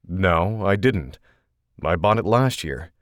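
A guarded grown man, answering evenly and without fuss, as a male audiobook narrator puts him on. His voice is deep and low, and the recording is close and dry. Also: slow pace, no room sound. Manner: even, matter-of-fact. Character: calm, guarded adult male investigator.

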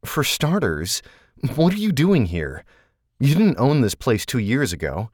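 A man's voice: mid-range voice, big pitch swings, unhurried, a little mellow, no room sound, clean studio sound, voice pushed up. A man voicing an angry, confused adult male agent who keeps raising his voice in disbelief, read for an audiobook. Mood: agitated.

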